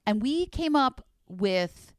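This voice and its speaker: Bubbly chatty woman, smooth dry voice. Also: fairly high pitch, expressive, takes it slowly, no room sound. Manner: drops to a quiet voice for emphasis. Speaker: podcast host reading ads. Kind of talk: casual chat ad read.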